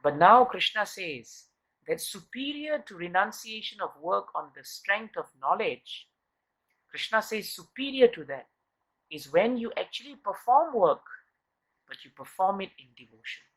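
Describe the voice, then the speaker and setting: A man's voice: sits high, big pitch swings, unhurried, a bit bright, rough recording. Man teaching scripture, rhetorical questions. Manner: asks rhetorical questions and repeats key words for emphasis; storytelling with uneven pace and trailing phrase ends. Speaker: devotional class teacher. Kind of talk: scripture class talk.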